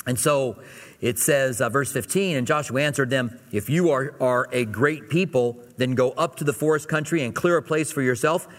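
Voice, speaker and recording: A man gives a sermon in a relaxed, folksy manner, talking the Bible through like a chat with his congregation. His voice sits at an ordinary middle pitch. The sound carries a long reverb from a large church hall. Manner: conversational, folksy Bible teaching. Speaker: pastor.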